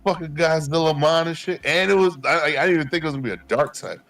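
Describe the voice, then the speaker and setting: A man, co-hosting a podcast and telling animated, profane stories, acting out his past self. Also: on the high side, racing. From Queens, New York. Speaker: podcast co-host. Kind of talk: casual chat.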